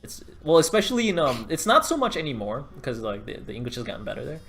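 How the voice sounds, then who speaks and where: A man's voice: on the high side, big pitch swings, fast talker, a bit bright, slightly rough, soft background music. A man co-hosting a live game stream, chatting casually and giving coaching advice with lots of fillers. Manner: chatty, rambling, filler-heavy. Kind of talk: casual livestream commentary.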